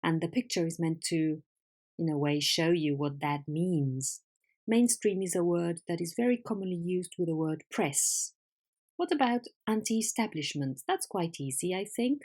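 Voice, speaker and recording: Female English teacher, Spanish native speaker, slightly low voice, patient and clear, recorded lesson. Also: moderate pace. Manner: patient, clear, lively questioning.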